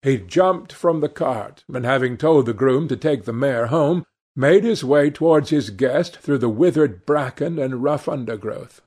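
A man reading a classic novel aloud as narrator, with a measured, deliberate delivery. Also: medium pitch, expressive, darkish tone, husky. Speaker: audiobook narrator. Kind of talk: scripted literary narration.

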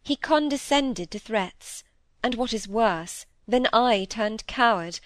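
Young woman pouring out a regretful confession, read by a woman; higher voice, close dry sound. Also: animated, slow, dry recording. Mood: confiding. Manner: earnest, regretful, rising to indignation. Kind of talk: audiobook reading of dialogue.

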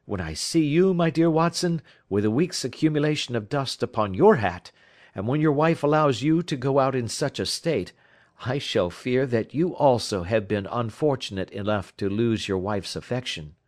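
A self-assured male detective laying out his reasoning step by step, as a male narrator puts him on. He sounds precise and a little pleased with himself, and his pitch moves in a lively way. The reading has the measured pace of an audiobook. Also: lightly acted. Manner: precise, explanatory. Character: confident, incisive male detective, lecturing.

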